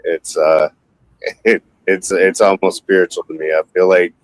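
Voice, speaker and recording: A man co-hosting a podcast, speaking earnestly in halting phrases that repeat words and often add "man". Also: low voice, flat delivery, dry recording, poor audio. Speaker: podcast co-host. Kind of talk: casual podcast chat.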